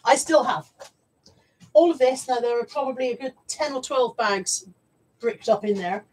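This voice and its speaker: A woman's voice: fairly high pitch, normal speed, warm tone, rough recording. A middle-aged woman chatting casually on a live stream, reading out viewer comments and talking about her resale stock. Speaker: vlogger and reseller.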